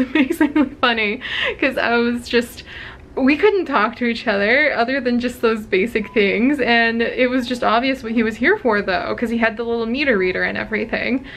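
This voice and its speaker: A young woman talks to her camera in a small rented apartment, telling stories in a casual, rambling way. She laughs easily, restarts her sentences and pokes fun at herself. Her voice sits a little high for a woman. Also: fairly bright tone, slight background noise. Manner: chatty and self-deprecating, laughs often, rambling restarts. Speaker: vlogger. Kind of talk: casual talking-to-camera vlog.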